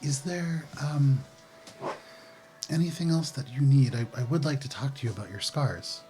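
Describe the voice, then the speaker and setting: A man voicing a sleepy, gentle half-elf woman cleric who speaks softly and politely. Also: medium pitch, moderate pace, soft background music, close to an everyday voice.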